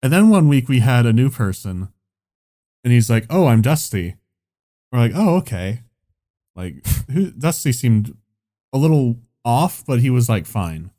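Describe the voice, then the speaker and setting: A man's voice: mid-range voice, sing-song, unhurried, warm tone. A man telling a long casual anecdote, rambling with lots of "like" and swearing. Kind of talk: casual chat.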